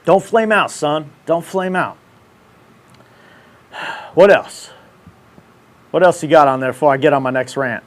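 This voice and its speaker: A man's voice: fairly high pitch, measured pace, pauses often. A man in his thirties hosting a casual livestream, ranting in brash, profane, slangy banter. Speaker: show host.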